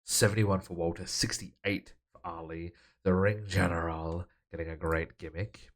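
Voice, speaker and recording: Low-voiced man calling game results. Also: moderate pace. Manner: relaxed, matter-of-fact play-by-play. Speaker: host. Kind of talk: casual game commentary.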